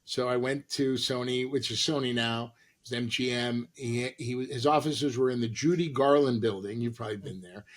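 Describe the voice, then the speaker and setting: A middle-aged man from Los Angeles, an actor and comedian, telling animated stories in an interview and acting out the people he quotes. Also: mid-range voice, normal speed, few pauses. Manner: animated anecdotes with acted-out quotes. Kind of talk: storytelling interview.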